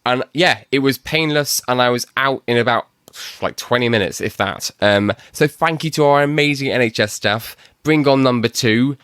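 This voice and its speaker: This is a man hosting a podcast in a soft Northern English accent, easygoing and a little self-mocking, with plenty of ums along the way. His voice sits at an ordinary middle pitch. The recording is dry and close, with no room sound. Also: normal speed, few pauses, smooth, dry recording. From England, Manchester. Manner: chatty, self-deprecating, many ums. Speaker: podcast host. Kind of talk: casual podcast chat.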